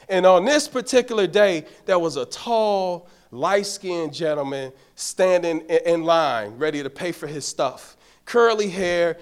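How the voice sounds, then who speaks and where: A middle-aged man, a deacon telling stories in a sermon and building to passionate peaks. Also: high-pitched. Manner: bellows street-vendor calls in stories. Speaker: deacon preaching. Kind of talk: storytelling sermon.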